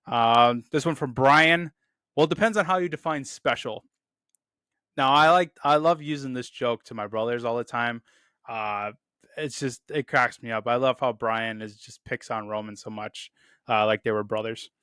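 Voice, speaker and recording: A man's voice: mid-range voice, steady tone, moderate pace, sharp tone, clear, resonant tone, no echo, studio quality. A man hosting a casual movie review, enthusiastic and repeating "really, really" often. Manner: quotes lines in a loose put-on delivery. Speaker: film review host.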